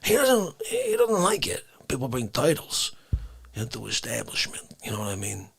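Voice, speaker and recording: A man playing an indignant, easily offended Bronx man in an improvised comedy rant, lurching between shouts and whispers. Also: medium pitch, wildly swooping pitch, normal speed, vocal fry, breathy edge, no room sound, voice pushed down, heavily acted.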